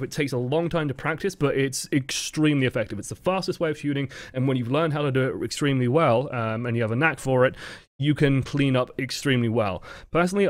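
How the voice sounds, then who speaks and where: A man with a mid-range voice talks through game footage as a coach, relaxed and loose, circling his points with fillers and restarts. The sound is dry and close, with no room around it. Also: medium pitch, no room sound. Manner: relaxed and rambling, lots of fillers, self-corrections. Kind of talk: casual gameplay review commentary.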